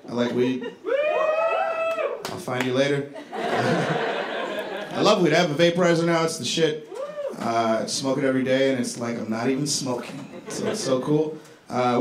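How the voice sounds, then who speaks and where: A man from Chicago doing a stand-up comedy set on a club stage, with a laid-back, deadpan delivery and profane asides. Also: medium pitch, normal speed. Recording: echoey club with crowd noise.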